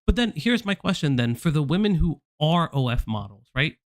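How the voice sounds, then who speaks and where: A man's voice: a little high, sing-song, moderate pace, no room sound. A man ranting on a stream, blunt and profane, lecturing someone he is angry at. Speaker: commentary streamer. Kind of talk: heated commentary rant.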